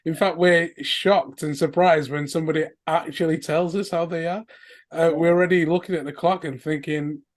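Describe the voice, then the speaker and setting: A man's voice: fairly high pitch, steady tone, moderate pace. A man hosting an interview, agreeing with his guest and laughing along. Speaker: interview host. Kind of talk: conversational interview.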